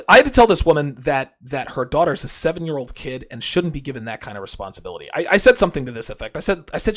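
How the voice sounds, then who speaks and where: A man's voice: fairly high pitch, sing-song, rapid-fire, hardly any pauses, fairly bright tone. A man hosting a show, delivering a brash, crude, lecturing monologue straight to his listeners. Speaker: podcast host.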